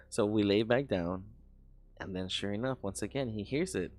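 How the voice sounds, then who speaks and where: A man's voice: on the low side, normal speed, a little mellow. A young man casually telling a rambling story while editing video, swearing often and restarting his sentences. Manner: rambling, profane, with many restarts.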